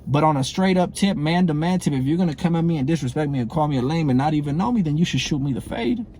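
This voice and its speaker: A middle-aged man speaks straight to camera in a heated, profane call-out. His voice sits a bit high for a man but has a mellow, warm tone. He hammers on the same points and keeps checking in with "you know what I'm saying.". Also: lively intonation, fast talker. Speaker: former prison inmate calling out a comedian. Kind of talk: confrontational monologue to camera.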